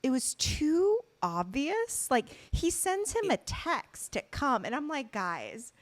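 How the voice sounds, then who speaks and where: Young woman co-host, lively and incredulous, wide-ranging pitch, casual podcast chat. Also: slow.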